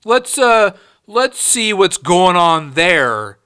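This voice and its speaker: A man putting on the voice of a bumbling male TV director, halting and full of fillers. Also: high-pitched, sing-song, sharp tone, smooth, full character voice. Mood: mocking.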